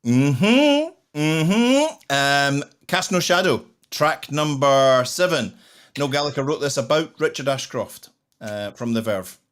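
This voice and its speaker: A man hosting a casual pub-style chat about albums, telling stories in a relaxed way. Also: a little high, slow pace. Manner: relaxed, storytelling with fillers. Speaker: podcast host.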